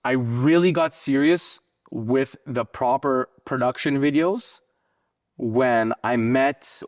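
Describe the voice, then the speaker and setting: Male guest, business owner, blunt and casual, swears, acts out quotes, mid pitch, dry booth. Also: slow, dry recording. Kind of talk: casual interview storytelling.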